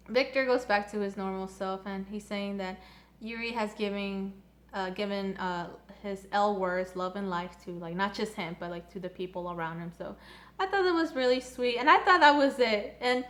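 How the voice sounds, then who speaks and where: A woman's voice: medium pitch, moderate pace, a bit bright. A young woman recapping an anime episode casually into a phone, chatty and giggly, swearing and saying "like" often. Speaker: anime reviewer.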